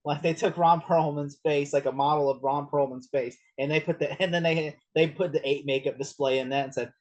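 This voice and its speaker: A man's voice: on the high side, steady tone, a little fast. A man hosting a casual movie podcast who rambles, riffs with jokes and laughs often. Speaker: podcast host.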